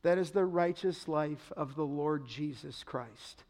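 A middle-aged man preaching a sermon as pastor, emphatic, pausing to ask the congregation to fill in words. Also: a little high, darkish tone.

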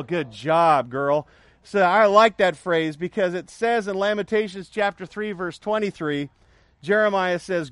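A man's voice: high voice, moderate pace, a bit bright, no room sound, studio quality. A middle-aged male pastor preaching a sermon, with emphatic repetition, joking asides and call-and-response with his congregation.

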